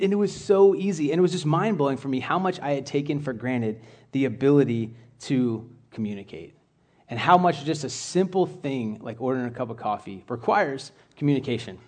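A man's voice: on the high side, darkish tone. A man giving a casual, conversational sermon to a church group, rambling a little with asides and restarts. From United States. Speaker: church speaker.

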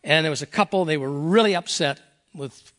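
A man's voice: a little high, brisk, a bit bright. An older man, a pastor emeritus, preaching a folksy, earnest sermon and reading scripture aloud.

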